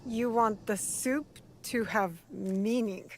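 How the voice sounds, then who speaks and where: An actress voicing a calm, thoughtful young woman companion in a video game, speaking gently and reflectively. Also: fairly high pitch, slow pace, soft background music.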